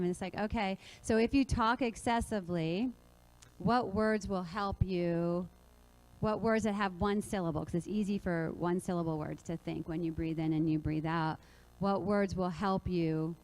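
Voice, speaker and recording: A woman presenting a kids yoga workshop at a conference, lively and putting questions to the audience. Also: medium pitch, rough recording.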